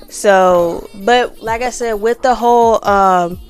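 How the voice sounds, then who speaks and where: Chatty woman with smooth voice, faint music. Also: medium pitch, takes it slowly, hardly any pauses. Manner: chatty, repetitive fillers, mocking whiny imitations. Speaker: reality show commentator. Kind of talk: casual rating commentary.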